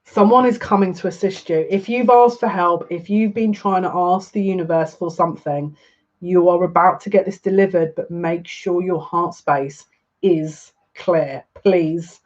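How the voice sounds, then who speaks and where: A woman's voice: fairly low pitch, steady tone, measured pace, lo-fi sound. A woman giving a live-stream tarot reading, chatty and emotional, talking back to viewer comments. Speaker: psychic reader.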